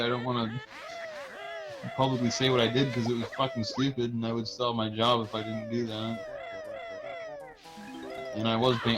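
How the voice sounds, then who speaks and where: Young guy rambling and cussing during a speedrun, average pitch, game music going. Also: poor audio. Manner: rambling, profane, many restarts. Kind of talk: casual chat while playing.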